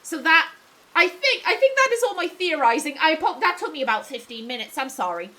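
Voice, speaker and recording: A woman's voice: high voice, very animated, a little fast, pushed and bright. A young English woman casually commentating as she plays a video game, chatty and full of theories. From England. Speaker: let's play streamer.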